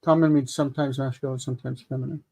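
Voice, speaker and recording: Man explaining Hebrew grammar, mellow voice. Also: medium pitch, little pitch movement, creaky. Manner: explains grammar step by step, slow over Hebrew words. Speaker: co-host reading biblical Hebrew. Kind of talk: casual study discussion. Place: home studio, live stream.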